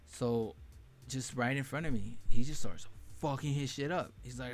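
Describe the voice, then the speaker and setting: A man's voice: medium pitch, steady tone, fairly quick, faint music behind. A young man hosting a podcast, telling candid, profane stories from his childhood in a casual monologue. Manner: candid and profane, laughing at painful memories. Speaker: podcast host.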